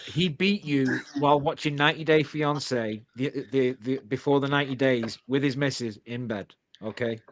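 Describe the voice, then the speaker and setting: A man's voice: medium pitch, moderate pace, few pauses. A man, ribbing his friends in a mock-serious tone during stream banter. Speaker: co-host. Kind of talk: casual banter on a gaming stream.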